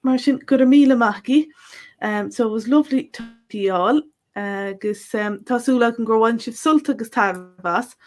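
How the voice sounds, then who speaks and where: A woman's voice: a little high, normal speed, faint music behind. Chatty Irish woman co-host. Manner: chatty, laughs easily, frequent fillers. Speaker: Irish language teacher, co-host. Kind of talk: casual live-stream chat.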